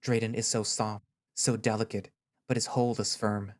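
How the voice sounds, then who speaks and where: A man giving a measured, reflective first-person narration of an audio story. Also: lowish voice, flat delivery, dry recording, studio quality.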